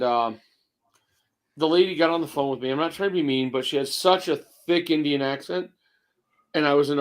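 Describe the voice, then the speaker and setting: A man in his fifties co-hosting a casual chat, gruff and rambling, with restarts and swearing. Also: medium pitch. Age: 50s. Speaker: co-host.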